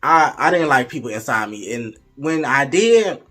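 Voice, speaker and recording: Husky young man telling a story. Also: mid-range voice, normal speed. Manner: frank, profane, playful storytelling; lively, slips into voices of people in the story. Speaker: vlogger. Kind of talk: casual storytime.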